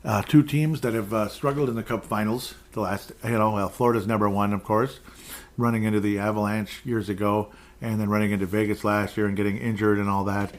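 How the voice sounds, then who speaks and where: A man's voice: fairly low pitch, fairly even intonation, a little fast. A man hosting a podcast, talking casually through sports predictions, rambling and correcting himself, often chuckling. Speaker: podcast host.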